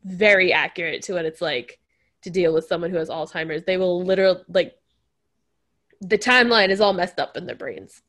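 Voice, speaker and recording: A woman co-hosting a casual podcast chat, talking in an animated way and acting out quotes in a raised voice. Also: fairly low pitch, brisk. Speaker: podcast co-host.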